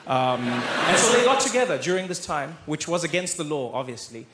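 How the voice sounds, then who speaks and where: High-voiced comedian on stage. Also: male voice, brisk. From South Africa. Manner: animated storytelling. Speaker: stand-up comedian. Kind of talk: stand-up comedy. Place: large live comedy venue. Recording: roomy live venue with audience noise.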